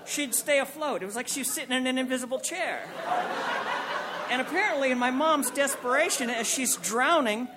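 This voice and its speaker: A man's voice: extremely high pitch, moderate pace, very noisy. A man in his forties telling a comic, self-mocking personal story on stage at a story night, acting out the people in it. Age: 40s.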